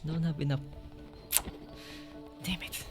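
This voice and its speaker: A man streaming a video game live, chatting casually with his viewers and reacting out loud to what happens on screen, from a home setup on a desk mic. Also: on the high side, fairly even intonation, takes it slowly. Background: game music.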